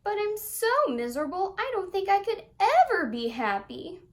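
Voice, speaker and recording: A sad, squeaky little round man from a storybook, as a woman reading aloud puts him on. He sniffs and mopes through every line with a high, thin voice. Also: very animated, a little slow, exaggerated voice. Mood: gloomy. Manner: sniffly, gloomy.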